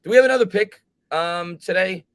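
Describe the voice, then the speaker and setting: A man's voice: high voice, brisk, smooth. Chatty man hosting a sports stream. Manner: reads viewer comments aloud, thinks out loud with restarts. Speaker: host. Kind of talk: live sports talk stream.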